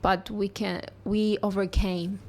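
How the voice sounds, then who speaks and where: Woman podcast host, mid pitch, earnest and encouraging tone, talks straight to the listener. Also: little pitch movement, takes it slowly, a little mellow, a little hiss or hum. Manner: earnest, reassuring, speaks directly to listeners.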